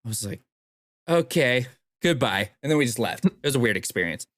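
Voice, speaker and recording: A man's voice: mid-range voice, big pitch swings, a bit bright, dry recording, clean studio sound. A young man casually telling a long anecdote, acting out what people said along the way. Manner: laid-back, drawn-out anecdotes acting out quotes. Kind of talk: casual storytelling.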